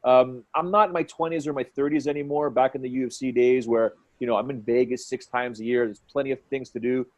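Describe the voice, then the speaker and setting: A man in his forties, a fight commentator guest, telling stories in an excitable, quick way and acting out what people said. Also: medium pitch. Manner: excitable, quick storyteller who acts out quotes. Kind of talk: animated storytelling in conversation.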